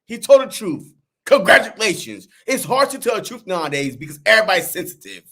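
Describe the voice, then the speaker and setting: A man co-hosting a casual sports podcast, animated and laughing, slipping into dramatic mock voices. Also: high-pitched, brisk. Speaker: podcast co-host.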